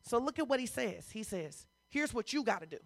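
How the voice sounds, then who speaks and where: A woman pastor preaching a sermon in a conversational, informal way, switching between loud emphasis and hushed asides. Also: on the high side, very animated, a little fast, creaky. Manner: informal, talks straight to the congregation.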